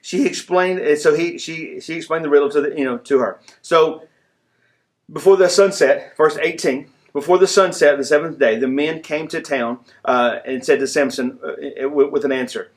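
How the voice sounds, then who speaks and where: Preacher, chatty and animated. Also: male voice, on the high side. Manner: conversational preaching, acts out characters in quick asides. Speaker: pastor. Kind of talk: sermon.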